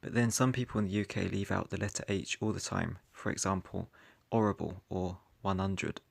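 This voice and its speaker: A man's voice: deep voice, fairly even intonation, moderate pace, creaky, dry recording. A man with a British accent talking to camera in a casual vlog, dry and wry in tone, recorded indoors in his room. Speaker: vlogger.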